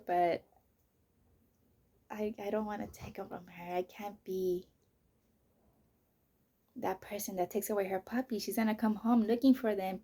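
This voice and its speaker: Candid, husky woman telling her story. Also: mid-range voice, a little mellow. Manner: candid, heavy swearing, frequent "you know" and "like". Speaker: vlogger. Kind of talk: casual personal storytelling.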